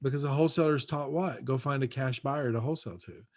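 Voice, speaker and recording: A man's voice: medium pitch, quick pace, a little mellow. A man speaking from his home over a video call, giving a punchy, repetitive motivational talk as a guest real estate coach. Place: his own house.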